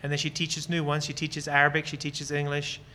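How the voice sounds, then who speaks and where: A man from Lancaster County, Pennsylvania, gives an earnest, enthusiastic guest talk on ministry, taking audience questions and sharing personal stories. His slightly high, bright, forceful voice is monotone and a little fast, and he acts out short bits of dialogue as he explains, over slight background noise.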